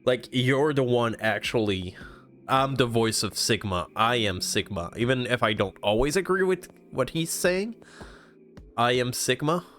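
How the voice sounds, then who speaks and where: A chatty man from Canada talks through a video game, his pitch swinging widely as he jokes and laughs. Soft game music plays behind him. His commentary is loose and animated. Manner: chatty, laughs often, lively. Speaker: gaming streamer. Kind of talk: let's-play commentary.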